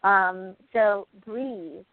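A woman life coach calmly guiding a breathing exercise and giving advice in a casual conversation. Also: medium pitch, extremely slow, dry recording. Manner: calm, guides a breathing exercise by counting. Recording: tinny phone-like line.

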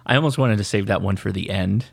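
A man co-hosting a podcast, reacting with casual, lively banter. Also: lowish voice, fast talker, creaky. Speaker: podcast co-host. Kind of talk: casual chat.

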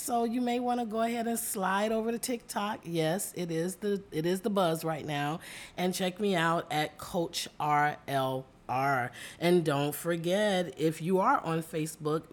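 Upbeat lady podcast host, a bit hoarse and rough today, lowish voice, chatty. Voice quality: slightly rough voice. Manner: upbeat, chatty, calls listeners "y'all" and "guys". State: hoarse from allergies. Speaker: podcast host and life coach. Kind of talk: casual podcast chat. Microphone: studio mic.

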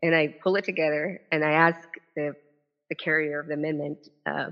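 A woman who is an author and former legislator tells a personal story from a podium at a live event. She talks in an animated way, with quick restarts and quoted dialogue. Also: low voice. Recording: dull lo-fi event recording.

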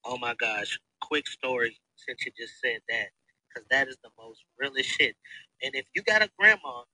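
A man in his thirties hosting a casual podcast, telling profane, animated stories. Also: on the high side, no room sound, rough recording. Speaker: podcast host. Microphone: phone.

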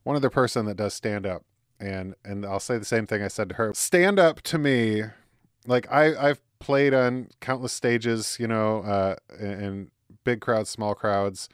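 A man hosting an interview, asking questions eagerly with restarts and drawn-out phrasing. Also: on the low side, clean tone, dry recording, clean studio sound. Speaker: podcast host. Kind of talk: casual interview chat.

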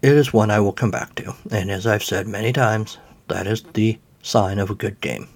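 Man, podcast host, low husky voice, rambling, self-deprecating. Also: fairly even intonation, moderate pace. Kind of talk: casual podcast talk.

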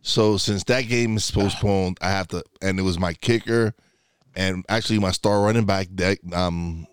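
Low-voiced man in casual banter. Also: fairly even intonation, normal speed, smooth, dry recording, studio quality. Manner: laughing, stumbling over restarts. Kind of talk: casual chat.

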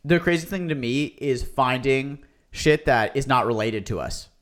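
Excitable young man rambling on a podcast. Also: mid-range voice, measured pace. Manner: excitable, rambling, swears casually. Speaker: podcast co-host. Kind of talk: casual podcast chat.

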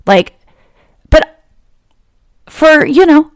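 A woman's voice: high voice, very animated, a little mellow, no echo. Playful woman podcast host, dry sound. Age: 30s. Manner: teasing, playful, quick to laugh. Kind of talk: casual chat.

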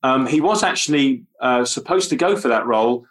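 A man's voice: medium pitch, animated, fairly quick, poor audio. Rambling self-deprecating man chatting about films. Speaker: podcast co-host. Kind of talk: casual film chat.

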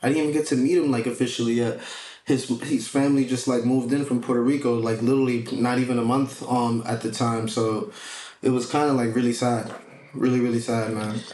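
A man's voice: mid-range voice, level tone, a little fast, a little mellow. A man co-hosting a podcast, telling stories in a loose, joking way with plenty of swearing. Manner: loose storyteller, swears and jokes. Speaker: podcast co-host. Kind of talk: casual podcast chat. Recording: echoey room, faint noise.

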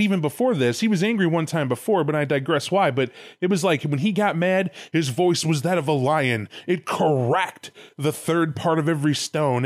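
A man spins a story in loose, profane chat, throwing himself into the telling. His voice sits a little high. The sound is dry and close, with no room around it. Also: dry recording. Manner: profane, animated, acts out voices in retellings.

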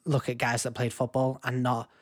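A man's voice: mid-range voice, monotone, normal speed. A young man co-hosting a casual podcast, talking in an enthusiastic, jokey, rambling way on a home mic over a video call. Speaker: podcast co-host. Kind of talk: casual chat.

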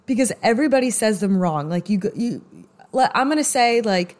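A podcast host, a woman with a New York accent, chats on her own in a loose, rambling way, often restarting her sentences. Her pitch swings widely up and down as she gets animated. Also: fairly quick. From US East Coast. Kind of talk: casual solo podcast chat.

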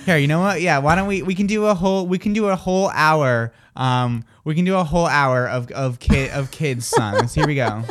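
A woman's voice: low voice, moderate pace, few pauses. A woman co-hosting a radio show in casual, playful banter, rambling and repeating words for fun. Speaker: radio co-host.

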